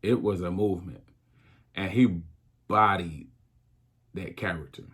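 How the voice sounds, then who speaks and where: Guy w/ aave hosting a podcast, low voice, slow and thoughtful, keeps restarting his sentences. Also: fairly bright tone, breathy edge. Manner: slow, reflective, drawn-out phrasing with many restarts. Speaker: podcast host. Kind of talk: casual solo podcast talk.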